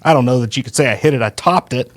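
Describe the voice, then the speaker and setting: A man hosting a podcast, telling stories in a folksy, animated way. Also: medium pitch, very fast. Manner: folksy, animated, acts out quoted voices. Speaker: podcast host. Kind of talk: casual storytelling chat.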